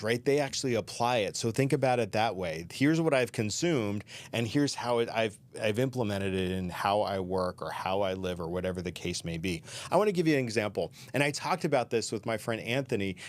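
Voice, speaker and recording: A middle-aged man hosting a career advice talk, speaking conversationally with asides and restarts. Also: fairly low pitch. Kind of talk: solo advice talk to camera.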